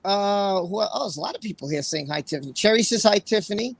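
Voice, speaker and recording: A man hosting a livestream in casual chat, his voice pitched high with a gravelly fry running through it. He reads out viewers' names one after another, and he sounds emotional and apologetic. The sound is dry and close, with no room around it. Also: lively intonation, quick pace, no echo, poor audio. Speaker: livestream host.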